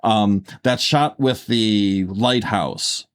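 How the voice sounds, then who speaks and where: A man's voice: on the low side, drawn-out words, clean tone. A man co-hosting a casual podcast, talking things through in a rambling way with lots of fillers and restarts. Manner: rambling, filler-heavy, self-correcting. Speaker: podcast co-host. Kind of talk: casual chat.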